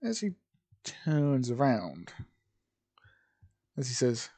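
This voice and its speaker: A man's voice: medium pitch, expressive, slow pace, warm tone. A man improvising a fan-fiction story aloud, rambling and correcting himself as he goes. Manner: rambling, self-correcting, hesitant.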